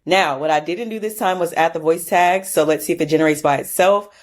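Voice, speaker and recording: A woman hosting a casual software tutorial, chatty, with frequent laughs and asides. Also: fairly low pitch, fairly quick. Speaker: tutorial host.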